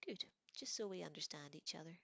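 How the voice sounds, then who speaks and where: A haughty, bossy teenage girl who lays down threats in a flat, mean voice, put on by a woman reading a novel aloud. The voice sits low with some gravel, and the sound is close and dry. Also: a little fast, dry recording, full character voice. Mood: sugary.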